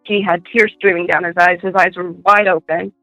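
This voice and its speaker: A woman telling personal ghost stories in a chatty way, full of fillers, and switching into high voices when she quotes people. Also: little pitch movement, normal speed, sharp tone, dry recording, faint music behind, rough recording. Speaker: guest.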